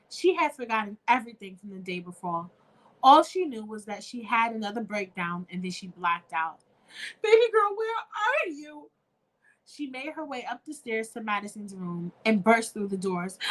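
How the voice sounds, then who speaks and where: A woman's voice: medium pitch, fairly bright tone, rough recording. A young woman hosting an online show, reading a fan-fiction story aloud in a chatty, casual way and addressing listeners directly. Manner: chatty, talks to listeners as "y'all".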